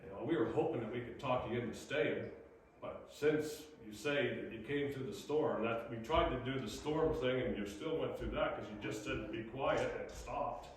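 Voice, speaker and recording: A man preaching a sermon, animated, acting out the voices in his stories. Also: mid-range voice, moderate pace, a little hiss or hum. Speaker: pastor. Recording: echoey room, from far off.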